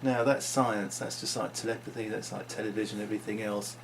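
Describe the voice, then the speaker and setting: A man's voice: lowish voice, fairly even intonation, brisk, a little hiss or hum. A man talking unscripted into his vlog, musing and rambling with frequent restarts. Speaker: vlogger.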